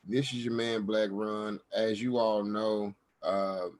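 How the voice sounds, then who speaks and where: A man's voice: on the low side, level tone, slow pace, darkish tone. A man hosting a casual online talk show over a video call, loose, joking and slangy. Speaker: host. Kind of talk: casual chat.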